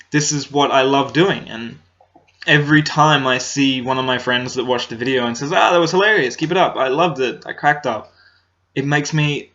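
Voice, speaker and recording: A man's voice: medium pitch, fairly bright tone. A young man, talking casually to his camera, hesitant, with many ums and restarts, recorded on a laptop's built-in microphone. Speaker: comedy vlogger. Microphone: laptop built-in mic. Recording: dull lo-fi laptop mic.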